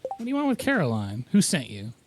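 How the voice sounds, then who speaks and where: A man's voice: medium pitch, wildly swooping pitch, quick pace, background noise. A man in casual chat while streaming a farming game, talking in a rambling, hesitant way with frequent fillers. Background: game music.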